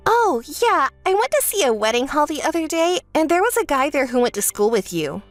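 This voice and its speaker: A woman's voice: big pitch swings, a little fast, no echo, faint music behind. A woman voicing a spoiled, self-centered young bride who bosses her sister around, in a texting-story voice-over. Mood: smug. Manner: whiny, bossy, shrill when angry.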